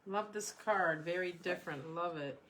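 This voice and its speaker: A woman's voice: on the low side, normal speed, a bit bright, a little hiss or hum. A woman chatting casually beside the host, animatedly telling stories and laughing easily. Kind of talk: casual chat.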